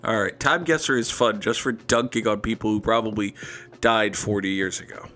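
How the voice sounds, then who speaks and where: A man's voice: lowish voice, steady tone, moderate pace, pushed and bright, soft background music. Sarcastic rambling gaming host, man. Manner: sarcastic, rambling, self-mocking. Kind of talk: casual gameplay commentary.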